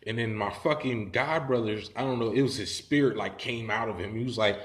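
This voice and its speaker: A man's voice: fairly low pitch, a little fast, few pauses, reverberant. A man telling a story in casual, profane talk, rambling and laughing as he goes.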